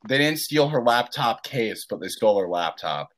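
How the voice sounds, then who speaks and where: A man chatting as a podcast guest, telling a story in a relaxed way. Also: mid-range voice, normal speed. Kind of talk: casual storytelling.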